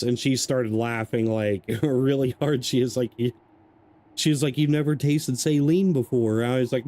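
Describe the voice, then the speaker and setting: A man's voice: mid-range voice, fairly even intonation, moderate pace, warm tone. A man streaming a game live, chatting casually and rambling through stories as he plays, laughing often. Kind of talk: casual gameplay commentary.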